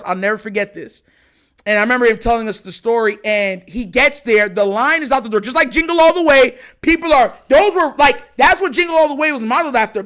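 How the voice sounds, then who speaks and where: A man in his thirties hosting a livestream, telling stories in slangy, animated casual chat and talking straight to his viewers. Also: very high-pitched. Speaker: livestream show host.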